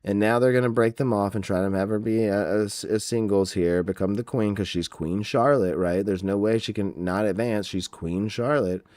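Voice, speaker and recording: A man's voice: on the low side, steady tone, normal speed, hardly any pauses, darkish tone, dry recording, studio quality. A man hosting a podcast, recapping in a casual, mocking, profane, rambling way. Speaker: podcast host. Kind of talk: casual comedic wrestling recap.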